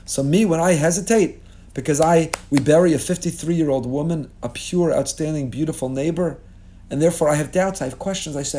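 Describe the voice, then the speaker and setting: A man's voice: fairly high pitch, fairly quick, warm tone. A man giving a sermon as a rabbi, telling a story dramatically and asking rhetorical questions with passion.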